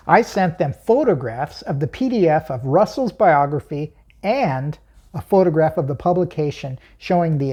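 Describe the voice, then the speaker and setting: Low-voiced woman telling her own story, husky and mellow, keeps laughing a bit and asking herself stuff. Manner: emphatic, chuckles often, asks herself questions. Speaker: channel host recounting a personal story. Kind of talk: personal storytelling monologue.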